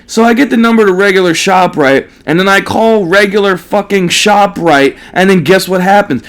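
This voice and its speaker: High-voiced man ranting in exasperation. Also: moderate pace, hardly any pauses. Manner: exasperated, profane, repeats rhetorical questions. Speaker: gaming commentator. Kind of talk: ranting storytime over gameplay.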